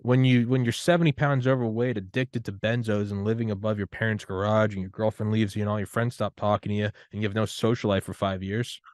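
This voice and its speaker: A man hosting a podcast, talking in a loose, rambling way that turns loud and higher when he gets worked up. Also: steady tone, brisk, few pauses, no echo, clean studio sound. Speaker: podcast host. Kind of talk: casual conversation.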